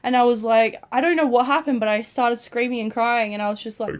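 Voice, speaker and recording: A woman's voice: a little high, fairly even intonation, a little fast. Chatty young woman, sick in bed. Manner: chatty, many "like" fillers, soft-spoken. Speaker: vlogger. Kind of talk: casual storytime vlog. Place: in bed at home.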